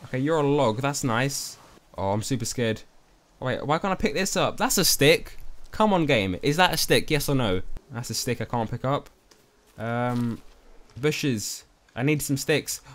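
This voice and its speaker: A young man narrates his game in a jumpy, excitable way. He is easily spooked and keeps turning to chat with his viewers. His voice sits at an ordinary middle pitch for a man. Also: moderate pace. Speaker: gaming YouTuber. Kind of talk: let's play commentary.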